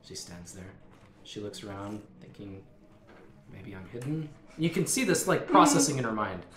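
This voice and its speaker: Guy running a tabletop game, lively voice, echoey room with people chattering. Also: on the low side, normal speed, heavy background noise. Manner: animated, laughing storytelling. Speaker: game master.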